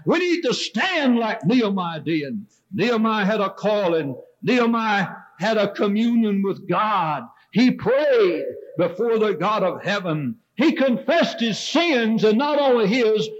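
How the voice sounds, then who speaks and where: A man, preaching a revival sermon with a fervent, rising and falling cadence in a church. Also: high voice. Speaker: Baptist preacher. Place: church sanctuary. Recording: dull lo-fi sermon tape.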